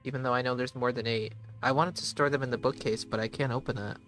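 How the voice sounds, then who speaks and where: A man streaming a game live, thinking aloud in a slow, halting way and sometimes spelling words out letter by letter. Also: medium pitch, steady tone, a bit bright, faint music behind. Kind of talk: casual live gameplay commentary.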